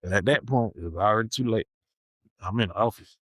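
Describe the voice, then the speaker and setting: A man's voice: fairly low pitch, brisk, dry recording, rough recording. A young man hosting a podcast, telling a story from his childhood in a casual, slangy way, with lots of repetition. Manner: animated, slangy, repeats himself. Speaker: podcast host.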